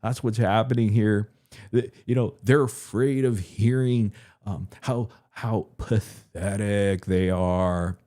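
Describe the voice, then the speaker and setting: Rambling, crude low-voiced male streamer. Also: steady tone, slow pace, warm tone. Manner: loose, profane, joking, repeats himself. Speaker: live stream host.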